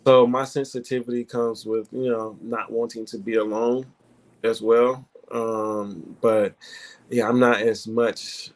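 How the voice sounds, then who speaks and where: A man talking casually in a group discussion, halting with many fillers and restarts. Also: medium pitch, level tone. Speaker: panelist discussing card readings.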